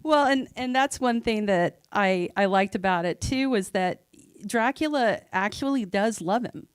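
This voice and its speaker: A woman's voice: medium pitch, animated, a little slow, clear, resonant tone, no echo. A woman hosting a live Q&A, asking the guest eager, fan-like questions. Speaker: host and interviewer.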